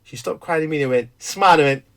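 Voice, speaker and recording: A man's voice: fairly high pitch, racing, fairly bright tone. A middle-aged man, talking candidly about being a dad, who tells stories animatedly and acts out the dialogue. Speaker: stay-at-home dad. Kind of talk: candid conversation.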